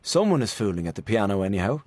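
A man voicing a genial gentleman in a storybook reading, telling a tale in a mock-grand, humorous manner. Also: lowish voice, big pitch swings, fast talker, no echo.

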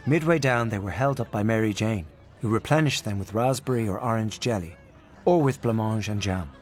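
A man reading a literary story aloud in a measured, expressive storytelling manner. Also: fairly low pitch. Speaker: audiobook narrator. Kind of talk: literary audiobook narration.

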